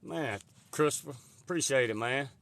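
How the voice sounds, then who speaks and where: In the woods, a man chats on a live stream from the phone he's holding, rambling folksily as he answers viewer comments. His voice is medium in pitch, fairly bright, and moves at a moderate pace.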